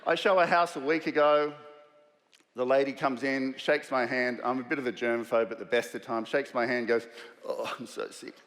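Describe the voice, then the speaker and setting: A man's voice: mid-range voice, fairly even intonation, normal speed, a bit bright. An Australian man in his fifties giving a conference keynote, telling self-deprecating stories in a loose, conversational way. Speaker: keynote speaker. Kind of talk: conference keynote with humorous anecdotes. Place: large conference hall. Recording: reverberant hall.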